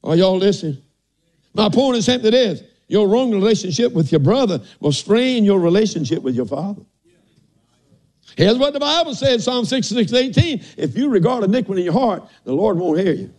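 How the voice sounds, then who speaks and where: A man's voice: sits high, big pitch swings, fairly quick, darkish tone. An older man preaching a folksy sermon, often asking "are y'all listening" and saying amen.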